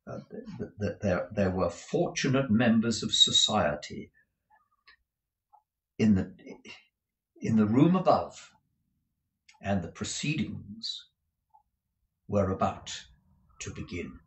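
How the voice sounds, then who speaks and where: Lower-pitched man reading a novel aloud. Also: expressive, slow, pauses often, rough recording. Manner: frequent restarts and self-corrections. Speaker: audiobook reader.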